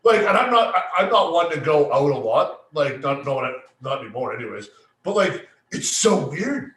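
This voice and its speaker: A man's voice: on the high side, sing-song, normal speed, a bit bright. A man co-hosting a casual podcast chat, telling stories with a lot of swearing and acting out what people said. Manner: swearing storyteller acting out quotes. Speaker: podcast co-host. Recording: echoey room.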